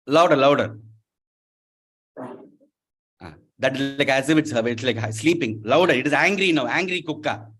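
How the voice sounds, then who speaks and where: A man's voice: medium pitch, normal speed, long pauses, fairly bright tone, slight background noise. A man giving a playful, interactive storytelling lecture to a university class, often asking the audience questions. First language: not Telugu. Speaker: guest lecturer.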